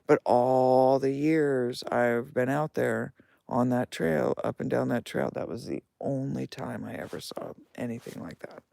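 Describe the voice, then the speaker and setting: Gravelly man telling a story. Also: medium pitch, unhurried, no echo. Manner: animated, swears freely, laughs. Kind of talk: casual storytelling. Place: outdoors on a late-night walk. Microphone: phone held while walking.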